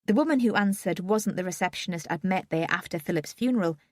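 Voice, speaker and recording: A woman's voice: lowish voice, fast talker, dry recording, clean studio sound. A woman reading a first-person audiobook in a subdued, wry manner. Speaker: audiobook narrator.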